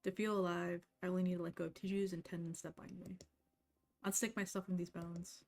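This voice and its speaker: Woman doing a gentle lost ghost, soft, hesitant, apologetic, game dialogue read aloud. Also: fairly low pitch, level tone, a little fast, faint music behind, natural voice. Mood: wistful. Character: confused amnesiac ghost, gentle and polite.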